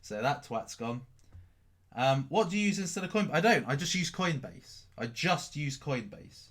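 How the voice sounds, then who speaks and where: A man's voice: fairly high pitch, expressive, moderate pace, a bit bright. A man hosting a casual live stream, reading out chat questions. He rambles, repeats his own phrases and swears offhand. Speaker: crypto livestream host.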